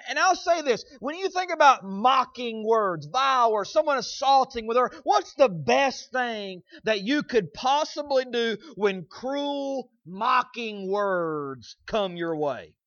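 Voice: medium pitch, expressive, takes it slowly, a bit bright, highs cut off. A preacher giving a sermon, emphatic and repetitive, with lots of fillers and asides asking the congregation to agree.

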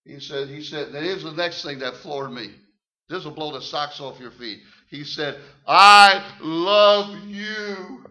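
An older man preaching his testimony in church, emphatic and folksy, repeating words and swinging from hushed tones to loud shouts. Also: on the high side, moderate pace. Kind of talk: sermon testimony. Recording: muffled lo-fi recording.

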